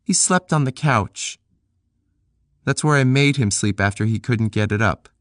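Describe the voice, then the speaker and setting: A man's voice: mid-range voice, measured pace, dry recording, clean studio sound, voice pushed up, lightly acted. A man voicing a blunt, sassy young woman who swears freely and teases, in an audiobook. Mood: brash. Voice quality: brash, swearing, teasing.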